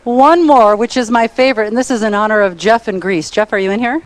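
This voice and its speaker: A middle-aged woman giving an energetic, playful motivational seminar talk, bossing a conference audience into call-and-response. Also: fairly high pitch, a little fast, dry recording. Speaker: motivational speaker. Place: conference hall.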